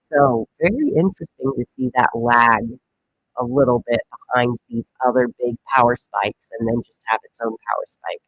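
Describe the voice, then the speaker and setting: A man's voice: mid-range voice, normal speed, a bit bright, dull audio, slight background noise. A man hosting a comedic weather livestream, chatting casually and rambling with lots of fillers and jokes. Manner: rambling, joking, many fillers.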